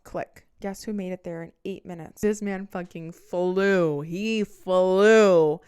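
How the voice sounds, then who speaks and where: A woman, telling a profane, animated story as a podcast host and acting out both sides of the arguments. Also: lowish voice, measured pace, hardly any pauses, clear, resonant tone. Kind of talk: casual storytime monologue.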